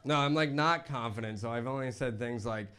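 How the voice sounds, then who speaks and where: A man doing a stand-up comedy set on stage into a handheld microphone, with a hesitant, self-deprecating, halting delivery. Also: medium pitch, bright, forceful tone, slight background noise.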